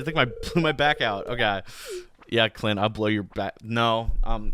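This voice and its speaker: A man's voice: on the low side, measured pace, fairly bright tone, slight background noise. A man hosting a gaming channel, rambling casually through let's-play commentary with many filler words.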